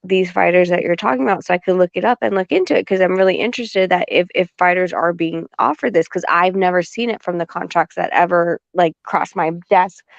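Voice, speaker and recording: A woman on a podcast telling a story in casual chat, animated and swearing, acting out the back-and-forth she had. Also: lowish voice, fairly quick, gravelly, hardly any pauses, no echo. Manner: animated, swearing, acts out quoted exchanges. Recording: dull lo-fi dry sound.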